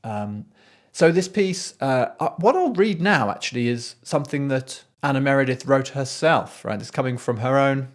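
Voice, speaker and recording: A man's voice: medium pitch, animated, normal speed. A man, a composer, talking through a piece of music in casual commentary, thoughtful, with frequent restarts and sung rhythms. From Scotland.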